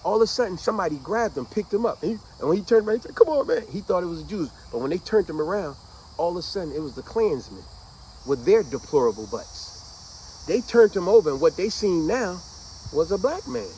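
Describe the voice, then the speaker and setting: A man with a high, bouncy voice tells a story in a casual, conversational way, talking straight to his listeners. His pitch rises and falls all over the place as he gets into it. Crickets and insects chirp faintly behind him. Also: brisk, slight background noise, rough recording. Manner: animated, conversational, addresses listeners as y'all.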